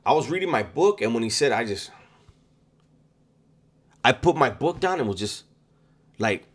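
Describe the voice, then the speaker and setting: A man casually recounting a personal story, halting often with ums and repeated words in an unhurried, conversational delivery. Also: mid-range voice, lively intonation. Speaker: storyteller recounting prison experiences.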